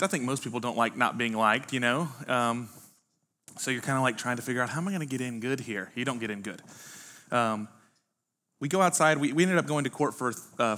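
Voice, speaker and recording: A man's voice: medium pitch, bright, forceful tone. A young adult American man, a pastor, preaching a sermon with casual, storytelling asides. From United States. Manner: conversational storytelling, folksy asides. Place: church sanctuary.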